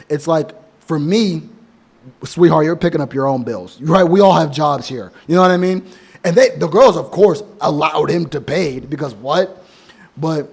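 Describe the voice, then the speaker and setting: Blunt, profane man telling stories. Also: a little high. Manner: blunt, profane, rambling with many restarts. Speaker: men's advice vlogger. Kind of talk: casual monologue with anecdotes.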